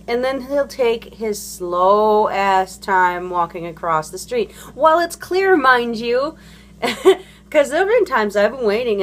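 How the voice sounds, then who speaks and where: Blunt, swearing woman venting. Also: mid-range voice. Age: adult parent. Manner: blunt, profane, rambling with many fillers. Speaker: vlogger. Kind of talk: casual ranting monologue.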